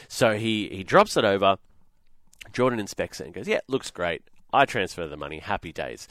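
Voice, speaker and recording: Australian man, radio host, lowish voice, swooping animated delivery, rambling storyteller. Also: fairly quick, dry recording, clean studio sound. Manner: animated, rambling retelling with "blah, blah". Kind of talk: casual storytelling chat.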